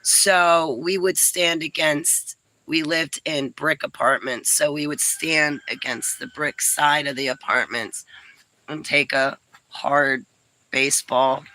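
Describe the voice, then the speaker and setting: A middle-aged woman from New Jersey, telling stories in a chatty vlog, breaking into lively exclamations and laughs. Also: deep voice, takes it slowly, no room sound, low-quality recording. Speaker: vlogger. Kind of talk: casual storytelling chat.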